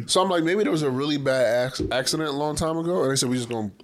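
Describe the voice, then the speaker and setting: A man's voice: fairly high pitch, fast, noisy background. A man co-hosting a casual group podcast chat, blunt and profane, often repeating words as he starts a thought. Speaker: podcast co-host.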